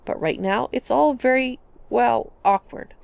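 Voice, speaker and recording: A woman's voice: fairly high pitch, unhurried, gravelly, clear, resonant tone, no room sound, muffled recording, pitched above the performer's own voice. A woman doing a stoic Nord man. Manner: stoic, matter-of-fact. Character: stoic middle-aged Nord man necromancer.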